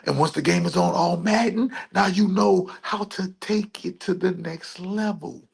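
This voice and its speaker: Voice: mid-range voice, measured pace, gravelly, slightly rough. A spiritual video host in a rambling monologue, asking and answering their own questions with playful wordplay and repeating phrases in a sing-song rhythm.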